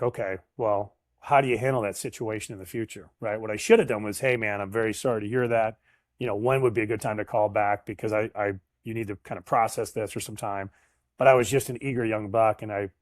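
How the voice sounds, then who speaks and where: Middle-aged male guest, anecdotal and animated, dry close-miked sound. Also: lowish voice, no room sound. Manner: animated storyteller, acts out quoted voices. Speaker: guest, sales professional. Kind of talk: casual storytelling interview.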